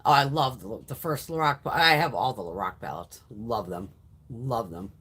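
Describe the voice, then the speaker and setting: This beauty livestream host has a rumbling low, slightly rough voice with a fairly bright tone, speaking at a moderate pace. She reads viewer comments in casual chat, rambling with frequent restarts and giving blunt, heavily profane takes.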